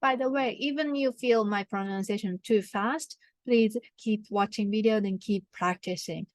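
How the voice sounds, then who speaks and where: A woman's voice: mid-range voice, moderate pace, dry recording, studio quality. A woman from Japan with a Japanese accent, teaching a beginner grammar lesson and patiently modelling phrases for learners to repeat. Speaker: Japanese tutor.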